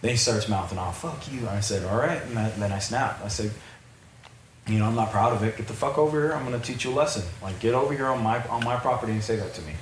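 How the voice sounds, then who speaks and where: Man, low voice, rambling storyteller, roomy echoey room, faint background hum. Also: fast talker. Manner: rambling, repeats words and restarts. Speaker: podcast guest. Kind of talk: recounting a personal story. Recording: roomy echo, faint ambience.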